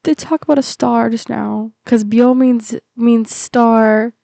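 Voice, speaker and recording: Fairly high-pitched yet warm and creaky, her voice stays steady at a slow pace. A young woman reacting to K-pop on a computer mic, she rambles with many fillers and restarts and sometimes sounds close to crying.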